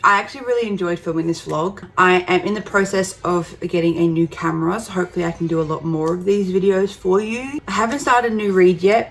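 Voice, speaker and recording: A young woman talks casually into a nearby camera for her reading vlog. Her voice has a gravelly, creaky edge, and she is expressive and swears freely. She sounds like she is at home in her bedroom. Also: lowish voice. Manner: expressive, swears often, laughs through tears. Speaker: book vlogger.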